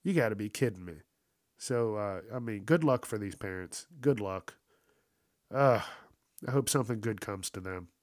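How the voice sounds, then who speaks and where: A man's voice: lowish voice, animated, normal speed, no echo, studio quality. A man giving casual, profane commentary on an odd news story, incredulous and laughing often.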